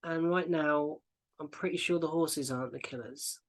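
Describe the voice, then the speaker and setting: A man playing a wary fae woman who speaks calmly and hesitantly. The voice sits a little higher than usual for a man. She weighs each word before she goes on. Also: normal speed, slight background noise, lightly acted.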